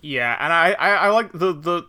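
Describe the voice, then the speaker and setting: A man's voice: on the high side, animated, normal speed, pushed and bright, smooth. A man co-hosting a casual movie podcast, joking and laughing often as he talks. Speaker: podcast co-host.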